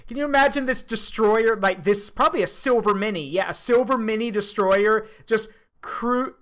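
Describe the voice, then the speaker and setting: A streamer reacts to a video in a casual, crude and joking way, often thinking out loud. The pitch sits in the middle. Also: normal speed.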